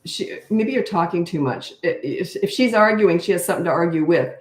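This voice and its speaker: Low-voiced older woman giving blunt advice. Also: animated, fairly quick. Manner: direct, matter-of-fact advice, acts out kids in high voices. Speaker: parenting coach. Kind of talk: live Q&A answering viewer questions. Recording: echoey room.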